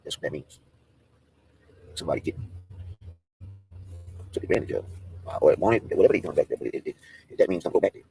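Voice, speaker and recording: A man's voice: rumbling low, expressive, fast, vocal fry, pauses often, warm tone, slight background noise. A man on a livestream ranting in a brash, profane, mocking way and roasting people in casual talk.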